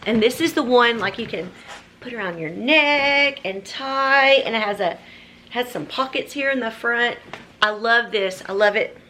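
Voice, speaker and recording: A woman in her thirties gushes over each thing she unwraps, her voice bright and forceful. She talks casually to the camera, tossing in "y'all" constantly, with faint noise under the recording. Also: on the high side, measured pace. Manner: gushing, exclamatory, says y'all often. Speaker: vlogger. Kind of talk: casual unboxing chat.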